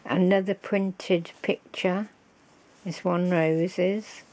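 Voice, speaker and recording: A woman, slow and fond, showing off a handmade craft gift on her vlog and gasping with delight. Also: fairly low pitch, steady tone, a little mellow. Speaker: crafting vlogger. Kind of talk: casual show-and-tell of a craft gift.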